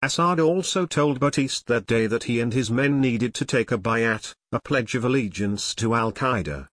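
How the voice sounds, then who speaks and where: A man reading nonfiction narration in a measured, matter-of-fact way. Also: medium pitch, fairly bright tone, no room sound, studio quality.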